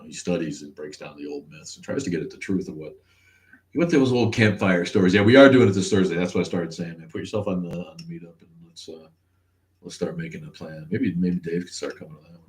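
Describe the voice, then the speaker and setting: A man's voice: low-pitched, a little fast. A man hosting a casual livestream, rambling, laughing often and greeting the chat. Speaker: livestream host.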